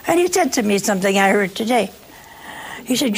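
A woman's voice: a little high, lively intonation, creaky, husky. A woman giving a folksy, sermon-like talk to listeners, leaning hard on key words. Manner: folksy, emphatic, slow stresses on key words.

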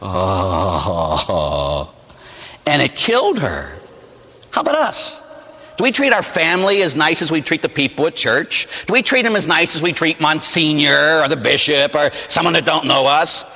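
Lively priest preaching in an echoing church. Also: male voice, on the high side, unhurried. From Pittsburgh, USA. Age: 40s. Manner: animated storytelling with rhetorical "huh?" tags. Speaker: Catholic priest. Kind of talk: sermon.

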